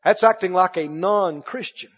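A male preacher giving a sermon, emphatic and swinging between loud and hushed. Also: high-pitched, moderate pace, breathy edge. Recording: dull echoey hall recording.

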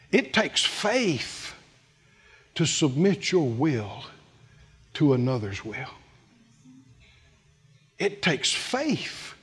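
A man preaching a sermon, calling on the congregation to answer back and swinging between loud bursts and quiet low lines. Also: breathy edge, long reverb tail.

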